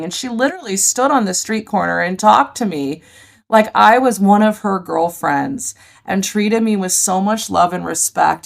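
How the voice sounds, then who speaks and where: A middle-aged woman, a podcast guest, telling vivid stories in an animated conversational way. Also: mid-range voice, vocal fry. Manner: animated, vivid storyteller, laughs easily. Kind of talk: conversational storytelling.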